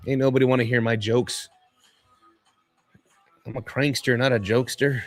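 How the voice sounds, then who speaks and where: A man's voice: medium pitch, fairly even intonation, moderate pace, long pauses, soft background music. A man hosting a live trading stream, talking in a loose, laid-back way and filling his talk with "dude" and "man". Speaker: livestream trading host. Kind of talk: casual livestream chat.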